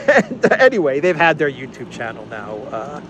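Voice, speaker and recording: A man hosting a casual news commentary, sarcastic and chuckling, halting often with fillers. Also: a little high, big pitch swings, a crowd in the background. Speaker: commentary channel host.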